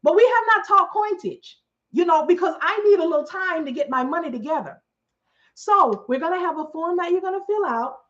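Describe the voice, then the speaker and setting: A woman telling a long story in a casual, animated way, acting out what other people said. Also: extremely high pitch, fairly quick. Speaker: storyteller host. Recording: muffled lo-fi recording.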